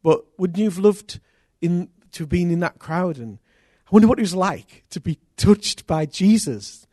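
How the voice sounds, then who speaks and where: A man preaching a sermon as pastor, earnest and intimate, with sudden loud rises. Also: high-pitched, animated, normal speed, dry recording, studio quality.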